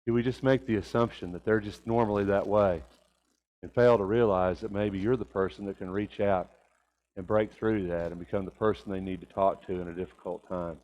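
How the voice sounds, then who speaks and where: A man's voice: on the low side, fairly even intonation, fairly quick, darkish tone, dull audio. A man preaching a sermon to his congregation in a folksy manner, asking them rhetorical questions. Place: church sanctuary. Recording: long reverb of a church hall.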